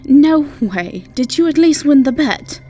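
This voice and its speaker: Audio drama: an eager innkeeper, mellow tone, soft music behind. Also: female voice, sits high, lively intonation, measured pace. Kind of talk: audio role-play drama.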